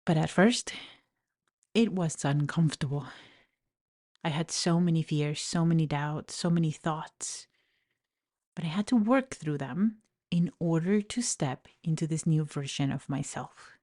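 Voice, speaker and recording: Woman w an accent doing her coaching podcast, lowish warm voice, earnest and encouraging, standing at a mic in her office. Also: measured pace. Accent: non-native English accent. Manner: earnest, encouraging, personal storytelling. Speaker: podcast host and life coach. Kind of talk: reflective podcast monologue. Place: home office. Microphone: studio mic, standing.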